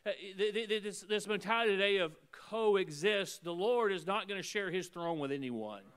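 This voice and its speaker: Male pastor, high and resonant, preaching with emphatic repeated phrases and sudden drops to a hush. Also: lively intonation, moderate pace, clean tone. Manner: emphatic preaching with swings between loud and hushed; repeats phrases in rhythmic runs. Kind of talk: sermon.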